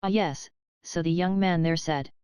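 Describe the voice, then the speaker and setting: A woman reading the part of a gentle, vague elderly Englishwoman in an audiobook. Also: on the low side, moderate pace, clean tone, no echo, studio quality, close to an everyday voice. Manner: mild, musing.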